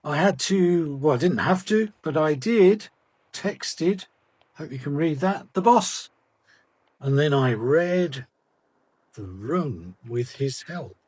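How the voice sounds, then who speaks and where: Slow, husky-voiced man telling a story. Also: a little high, lively intonation, no echo. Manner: measured, trailing off softly at phrase ends. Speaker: sales coach. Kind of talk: reflective storytelling talk.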